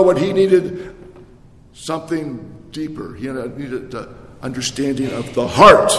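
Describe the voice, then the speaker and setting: Echoey preaching man, halting but dramatic. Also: fairly high pitch. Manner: halting restarts with dramatic storytelling. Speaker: priest. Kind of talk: sermon. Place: church. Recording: echoey church hall reverb.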